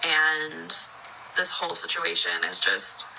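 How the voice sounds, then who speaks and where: A young woman confiding about her relationship in a halting, hesitant way. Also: sits low, big pitch swings, creaky, noisy background. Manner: halting, hesitant, many fillers and restarts. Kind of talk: casual confessional vlog.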